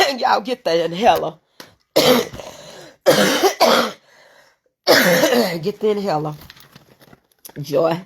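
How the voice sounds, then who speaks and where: A woman's voice: mid-range voice, sing-song, very slow, creaky, long pauses, husky. A woman hosting a casual live stream, chatting straight to her viewers and answering their comments. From United States. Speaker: livestream host reading viewer comments.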